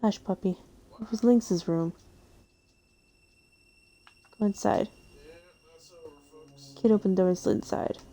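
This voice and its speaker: A woman streamer reads a game's story aloud in a casual way, breaking off between lines for playful, chatty asides. She speaks slowly with long pauses, in a warm, medium-pitched voice.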